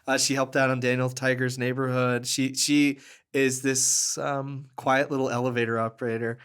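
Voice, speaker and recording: Man, podcast guest, animated storytelling, earnest, frequent light laughs, mid-range voice. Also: medium pitch, normal speed, smooth. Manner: earnest, warm, with fillers and restarts. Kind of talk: conversational storytelling.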